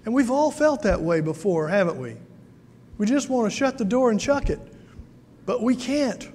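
A man's voice: sits high, expressive, normal speed, darkish tone, breathy edge, in a large hall. A man from South Carolina, preaching a sermon in a folksy storytelling way with many fillers. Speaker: pastor.

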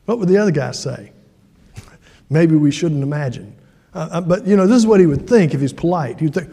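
A man preaching a sermon as pastor, acting out the quoted voices with sudden jumps in pitch. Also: animated, fairly quick, warm tone, long reverb tail.

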